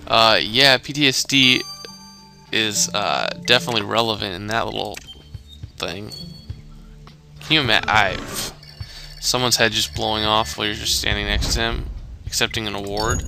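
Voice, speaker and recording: A man's voice: lowish voice, moderate pace, gravelly, long pauses, music in the background. A man casually commentating a mystery game, rambling and thinking aloud. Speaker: gamer. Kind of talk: let's play commentary.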